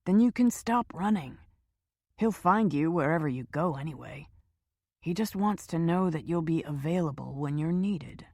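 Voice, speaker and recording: A woman voicing a calm, quietly menacing white-haired male hitman in an audiobook thriller. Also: deep voice, moderate pace, no echo, clean studio sound. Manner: cool, reassuring, quietly menacing.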